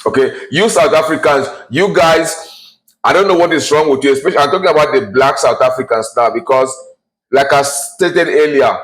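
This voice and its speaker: A man in his forties rants bluntly to camera. He sounds heated and scornful, and he often restarts and fills pauses with uh. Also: a little high, fairly bright tone, poor audio. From Nigeria. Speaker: vlogger. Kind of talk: ranting to camera.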